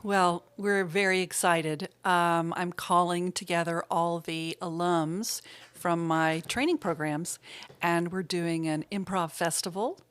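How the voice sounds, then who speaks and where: A woman's voice: lowish voice, fairly even intonation, slow, a bit bright, clear, resonant tone, dry recording. A woman guest on a comedy podcast, talking in an improvised, hesitant way with many fillers.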